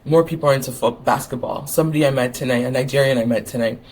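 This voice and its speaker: A woman from Ontario, chatting casually and excitedly in a rambling vlog. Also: rumbling low, racing, a little hiss or hum. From Ontario, Canada. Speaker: vlogger.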